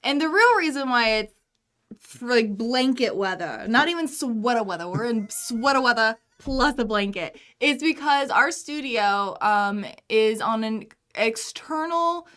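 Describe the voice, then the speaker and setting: A young woman with a slightly high voice co-hosts a casual live-streamed chat from a small studio. She rambles from one thought to the next, dropping self-deprecating jokes along the way. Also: lively intonation, a little slow, a bit bright. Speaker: co-host.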